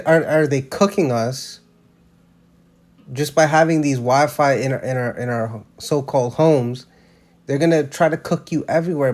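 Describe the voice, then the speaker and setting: A man's voice: mid-range voice, darkish tone. A man giving casual religious commentary, emphatic and slangy, often restarting his sentences.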